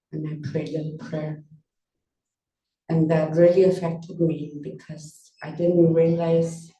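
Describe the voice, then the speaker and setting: Woman telling a personal story, slow pace, mellow voice, flat delivery, echoey room, distant mic. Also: low voice. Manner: soft-spoken, unhurried, full of pauses. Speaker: panelist at a book launch. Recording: roomy sound from a distance, faint noise.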